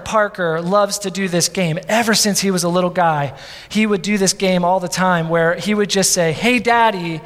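Guy in his 30s preaching, kinda high voice, lots of "you know what i mean", long reverb. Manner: animated preaching, many repeats and asides. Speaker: pastor. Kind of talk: sermon.

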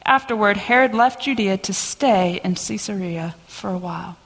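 A woman pastor giving a sermon and reading scripture aloud in an earnest, steady voice, in a church sanctuary. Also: mid-range voice, moderate pace. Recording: long church reverb.

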